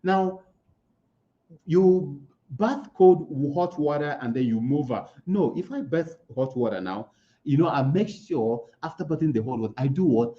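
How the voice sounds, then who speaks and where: A man's voice: on the high side, expressive, measured pace, mellow. A man giving a motivational talk, asking himself rhetorical questions and repeating key words for emphasis. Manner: asks rhetorical questions and answers them himself. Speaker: motivational speaker at an online conference. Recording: slightly muffled lo-fi sound.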